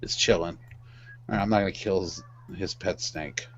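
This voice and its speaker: A man's voice: sits low, fairly even intonation, normal speed. Playful male player, dull audio. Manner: playful, jokey. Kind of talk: tabletop game chat.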